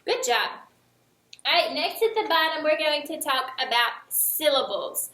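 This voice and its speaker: A woman teaching young children a remote lesson, speaking slowly and encouragingly, with each word clearly enunciated. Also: sits high, pushed and bright, reverberant. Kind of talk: early-years remote lesson.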